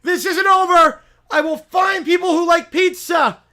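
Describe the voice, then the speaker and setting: A man's voice: extremely high pitch, fairly even intonation, a little slow, sharp tone, pitched above the performer's own voice, exaggerated voice. A man voicing a self-righteous male preacher of a silly pizza religion who shrieks and rants in constant indignation. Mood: ranting outrage.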